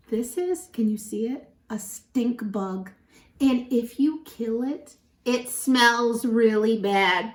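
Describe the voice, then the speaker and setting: Slow, animated woman teaching small children. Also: on the high side. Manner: animated and encouraging, counting syllables slowly. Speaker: pre-K teacher. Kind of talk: children's lesson. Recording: echoey room.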